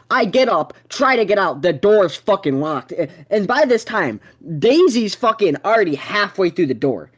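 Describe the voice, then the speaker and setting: Young adult co-host, podcast storyteller; mid-pitched voice that swings widely, heavy profanity, rambling delivery. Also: normal speed, few pauses. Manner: profane, rambling, with sudden excited bursts. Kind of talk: casual storytelling chat.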